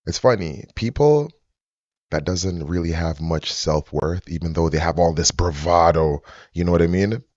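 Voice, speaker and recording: Deep-voiced man giving laid-back commentary. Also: moderate pace, darkish tone, no room sound, dull audio. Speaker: commentary host reacting to a clip. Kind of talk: casual reaction commentary.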